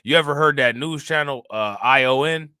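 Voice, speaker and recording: A man's voice: medium pitch, normal speed, pushed and bright, smooth, no room sound, studio quality. A man giving casual, slangy reaction commentary on news clips, mocking and talking straight to his viewers.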